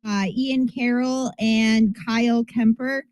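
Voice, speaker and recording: A woman's voice: fairly high pitch, fairly even intonation, slow pace, darkish tone, no echo. A woman in a casual live audio chat, chipper and chiming in briefly.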